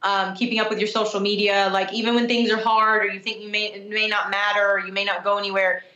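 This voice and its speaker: A woman guest answers with earnest advice and fills her pauses with ums and likes. Her voice sits at a middle pitch and carries a roomy echo. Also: level tone, sharp tone, dull audio. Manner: earnest, heavy with fillers. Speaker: guest musician. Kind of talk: casual interview answer.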